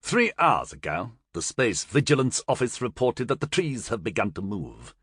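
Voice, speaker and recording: A man voicing a solemn male master general who gives measured commands. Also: mid-range voice, very animated, fairly bright tone, slightly rough, dry recording, clean studio sound, heavily acted. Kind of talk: audiobook character voice.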